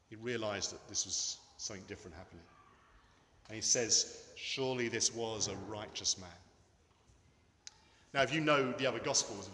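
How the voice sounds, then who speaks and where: A man preaching a sermon in a church, earnest and emphatic, with dramatic pauses. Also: medium pitch, fairly bright tone. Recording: echoey hall with long reverb.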